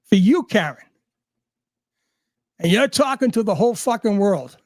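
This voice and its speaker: A man's voice: sits high, animated, normal speed, no echo, clean studio sound. A man ranting angrily and sarcastically, swearing at almost every turn. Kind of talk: profane rant.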